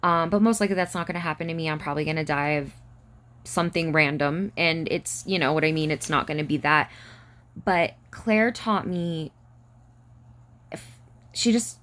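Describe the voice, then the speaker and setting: A woman speaks to her camera in a casual personal vlog. Her voice sits a little low, and she talks haltingly, near tears, stumbling through restarts and fillers. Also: a bit bright. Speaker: vlogger.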